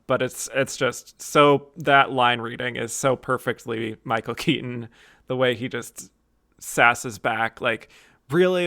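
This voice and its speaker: A man's voice: mid-range voice, sharp tone, dry recording, studio quality. A man hosting a podcast, chatting casually about a film, laughing often and acting out lines he quotes. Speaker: podcast host.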